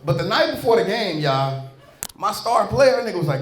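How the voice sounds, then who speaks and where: A man with a St. working a comedy club crowd, his voice sitting high and carrying crude, playful jokes that break into shouts. The room rings with echo around him. A loud, lively audience roars behind him. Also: fairly quick. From St. Louis, Missouri. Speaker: stand-up comedian. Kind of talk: stand-up comedy set. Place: comedy club stage before a live crowd. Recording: echoey club with a roaring crowd.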